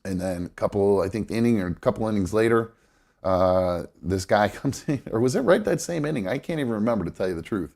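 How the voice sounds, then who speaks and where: Hosting a live show, a man with a stuffed-up nose chats casually about baseball, rambling with plenty of fillers and self-corrections. His voice is fairly low, creaky, and a little mellow, with lively intonation and a fairly quick pace.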